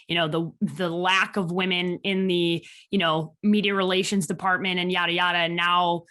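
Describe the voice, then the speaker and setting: A woman's voice: on the low side, normal speed. Casting note woman from Chicago telling stories. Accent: slight Chicago. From Chicago, USA. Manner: animated, quotes people in lively voices. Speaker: podcast guest. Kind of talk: casual interview storytelling.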